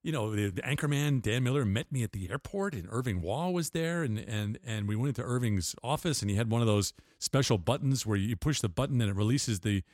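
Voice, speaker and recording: A man's voice: medium pitch, lively intonation, a little fast, hardly any pauses, darkish tone, no room sound, studio quality. Older man telling rambling anecdotes. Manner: rambling anecdotes with restarts and laughs. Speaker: interview guest. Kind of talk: casual storytelling interview.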